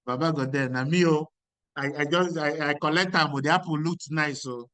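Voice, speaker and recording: A man's voice: on the high side, normal speed, a bit bright, dry recording, natural voice. A man with a Nigerian Pidgin accent voicing Eve as a woman pleading and shifting blame.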